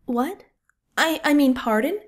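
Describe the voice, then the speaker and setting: A woman's voice: sits high, animated, unhurried, voice pushed up. A woman voicing a young nurse in a war hospital, who speaks in pleading, faltering bursts. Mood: flustered. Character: young field nurse woman, shaken and desperate.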